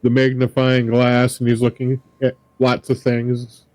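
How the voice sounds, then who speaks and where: A man's voice: medium pitch, completely flat delivery, measured pace, darkish tone, no echo. Man explaining his character's moves. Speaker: player. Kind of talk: playing a character in a tabletop game over a call.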